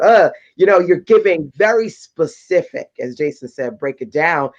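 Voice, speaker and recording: A woman's voice: low-pitched, lively intonation, a little fast, hardly any pauses, a little mellow, highs cut off. A woman from Brooklyn hosting an online workshop, affirming and enthusiastic, cheering on her guest. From Brooklyn, New York. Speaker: host.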